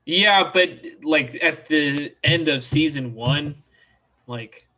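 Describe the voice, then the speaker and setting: Bright-voiced man on a video call. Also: on the high side, takes it slowly. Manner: joking, explains with many fillers. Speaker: podcast guest. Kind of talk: casual chat.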